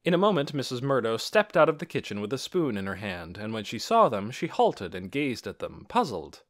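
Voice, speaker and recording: A man reading a children's storybook aloud in an expressive, animated way. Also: medium pitch, a little fast. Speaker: audiobook narrator. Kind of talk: scripted storybook narration.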